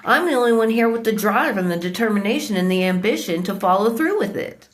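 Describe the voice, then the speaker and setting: A woman's voice: mid-range voice, lively intonation, quick pace. A woman delivering an angry, profane rant, accusing people around her. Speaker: vlogger.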